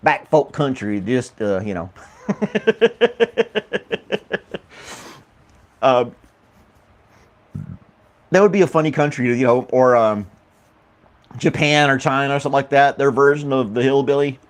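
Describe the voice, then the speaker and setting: A man's voice: medium pitch, expressive, slow, pauses often. A man from the United States hosting a casual morning talk show, rambling and laughing often, with many fillers. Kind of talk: casual chat with live chat viewers.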